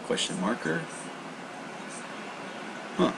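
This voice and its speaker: A man's voice: very slow, noisy background. A man hosting a casual livestream study lesson, reading aloud and explaining in a rambling, self-correcting way.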